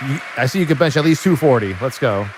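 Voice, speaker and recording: A man streaming his reactions to a live show, excitable, joking and heavy on swearing. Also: mid-range voice, fast talker, background noise. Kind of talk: casual chat. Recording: event stream playing loudly behind. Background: show audio with music and crowd.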